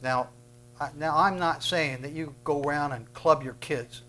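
Emphatic preacher man, fairly high voice. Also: moderate pace, slight background noise, rough recording. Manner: emphatic, bursts loud on commands; repeats words when starting thoughts. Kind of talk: sermon.

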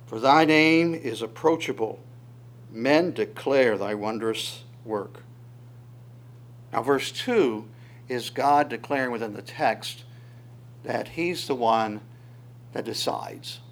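Man preaching, energetic Bible teaching, medium pitch, lively rhetorical delivery. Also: slow, pauses often. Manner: animated, voices God's words in quotes, asks rhetorical questions, chuckles. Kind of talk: sermon teaching through Psalms.

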